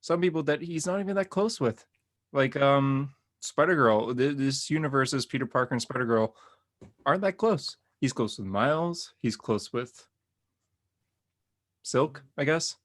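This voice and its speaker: A man hosting a podcast, chatting casually and excitedly about comic books, rambling with lots of filler words. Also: mid-range voice, unhurried. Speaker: podcast host. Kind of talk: casual comic book review chat.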